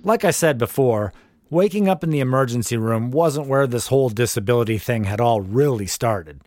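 A man's voice: mid-range voice, expressive, moderate pace, a little mellow, no echo, studio quality. A man in his forties reading his own memoir aloud in the first person, with wry, sardonic asides. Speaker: memoir narrator.

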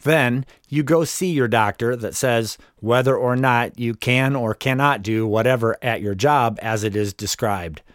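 A man's voice: mid-range voice, unhurried, few pauses, dry recording, clean studio sound. A man narrating his own memoir in the first person, wry and matter-of-fact as he tells it.

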